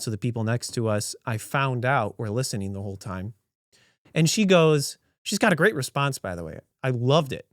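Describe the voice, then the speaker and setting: Animated man telling a rambling story. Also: mid-range voice, no echo, studio quality. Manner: animated, rambling, self-correcting. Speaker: podcast host. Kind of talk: casual storytelling.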